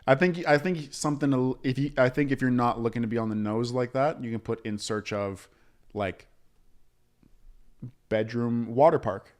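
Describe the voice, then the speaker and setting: A man trading crude banter on a relaxed podcast. He swears freely and keeps the talk animated and joking. He often slips into exaggerated voices to mock people. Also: mid-range voice, normal speed. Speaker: podcast co-host.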